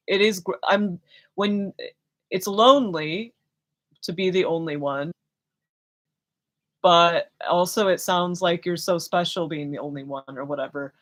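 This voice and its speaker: A young woman hosting a live spiritual Q&A stream, rambling casually with lots of fillers, restarts and giggles. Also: lowish voice. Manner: chatty, self-conscious, many fillers and restarts, giggly. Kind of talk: casual rambling livestream chat.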